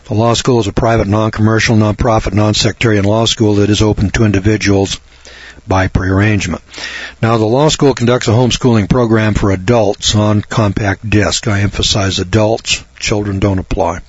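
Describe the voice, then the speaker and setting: A man's voice: fairly low pitch, little pitch movement, normal speed, slightly rough, no echo. A man hosting a radio talk show, preaching emphatically and reading out long lists and scripture. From American South. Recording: dull dry radio broadcast sound.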